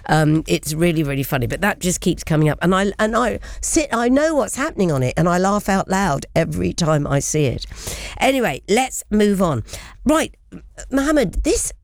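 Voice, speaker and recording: A woman hosts a talk show, telling stories in a chatty way, often close to laughter. Her voice sits a little low for a woman. The recording is dry and close, with no room sound. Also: sing-song, moderate pace, no room sound. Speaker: radio host. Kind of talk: casual chat.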